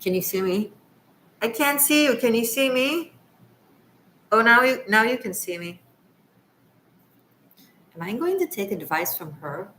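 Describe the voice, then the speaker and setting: A woman's voice: fairly high pitch, animated, a little slow, pauses often, bright, forceful tone, slight background noise, poor audio. A woman from Israel hosting a tarot livestream, chatting casually with viewers in a rambling, laughing way. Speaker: tarot reader and livestream host.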